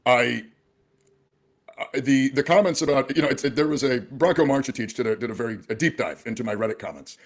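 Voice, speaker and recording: A man's voice: medium pitch, fairly quick. A man from rural Maine, speaking as a political candidate, earnestly and defensively explaining his past comments. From rural Maine, USA. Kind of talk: answering questions in a played clip.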